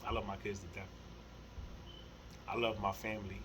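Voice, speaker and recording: A middle-aged man in a casual spiritual monologue to camera, rambling and repeating words, with heavy slang and swearing, earnest, with soft laughs between thoughts. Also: lowish voice, little pitch movement, moderate pace, slight background noise, low-quality recording. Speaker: spiritual vlogger.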